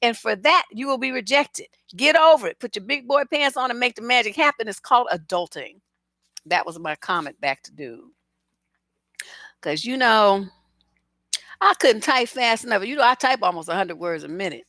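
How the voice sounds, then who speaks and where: A middle-aged woman talks in a bright, forceful voice that sits a little high. She is blunt, sarcastic and quick to swear as she reads out comments and answers them. The sound is dry and close. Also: animated, dry recording. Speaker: relationship coach. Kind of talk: opinionated commentary.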